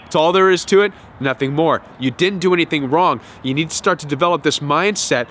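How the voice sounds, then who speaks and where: A man hosting a self-help talk to camera, animated, often acting out quoted voices and repeating words. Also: on the high side, brisk, hardly any pauses, slight background noise. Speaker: self-help video host.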